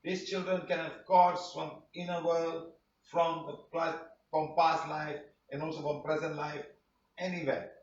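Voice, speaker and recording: A man's voice: on the high side, flat delivery, measured pace, a little hiss or hum. A man teaching a healing class, rambling and repeating himself for emphasis. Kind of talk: online class presentation. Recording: roomy, distant, dull sound.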